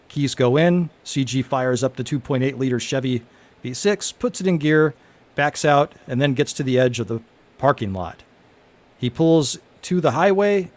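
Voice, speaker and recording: Man haltingly reading his own script. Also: medium pitch. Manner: halting, laughing, many fillers. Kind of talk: casual script reading to friends.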